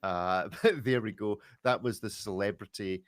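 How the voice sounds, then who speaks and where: A man's voice: lowish voice, normal speed, no room sound, studio quality. A man hosting a casual podcast, chatty and joking, laughing often. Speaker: podcast host.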